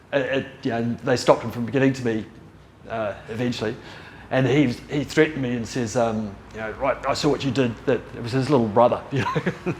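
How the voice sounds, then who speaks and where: A man's voice: mid-range voice, slight background noise. New man telling old stories. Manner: rambling, self-interrupting, laughs at own story. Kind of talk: casual storytelling.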